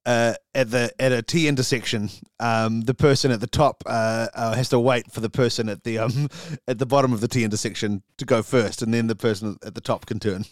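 A man's voice: medium pitch, steady tone, fairly quick, few pauses, no room sound, clean studio sound. A man co-hosting a comedy podcast, improvising a silly story with many ums and laughing at his own jokes.

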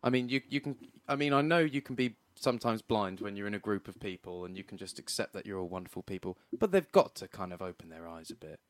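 Guy on a movie podcast, lively up and down voice, swears a lot, laughs, dry close mic. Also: lowish voice, quick pace, hardly any pauses, dry recording. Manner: animated, laughing, sweary banter. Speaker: podcast co-host. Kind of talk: casual film review chat.

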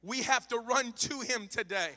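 High, bright-voiced male preacher in a hall. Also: moderate pace, faint music behind. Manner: swings from hushed to shouting, acts out quoted voices. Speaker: pastor. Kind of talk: sermon.

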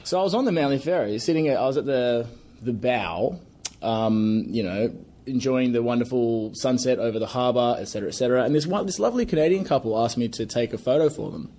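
A man with an Australian accent, a podcast co-host telling a story with mock outrage, full of halting restarts and talking about himself in the third person. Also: mid-range voice, animated, dark tone. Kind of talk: casual chat, storytelling.

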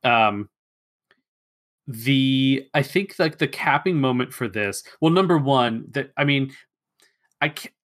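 Speaking slowly and pausing often, a medium-pitched man co-hosts a podcast and walks through scenes from an old film in a relaxed way. Along the way he performs quotes from them.

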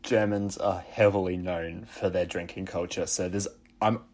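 A man's voice: sits low, fairly even intonation, normal speed, darkish tone. An Australian man in his late teens, co-hosting a podcast in playful, jokey casual chat. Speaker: podcast co-host.

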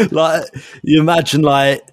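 A man co-hosting a podcast in casual chat, animated and laughing often. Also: a little high, dry recording, clean studio sound. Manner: animated, laughs often, drifts into silly voices. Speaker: podcast co-host.

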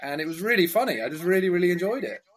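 An Englishman, co-hosting a podcast in casual chat, relaxed and wry. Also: sits high, very fast. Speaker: podcast co-host. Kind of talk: casual chat reviewing a quiz show.

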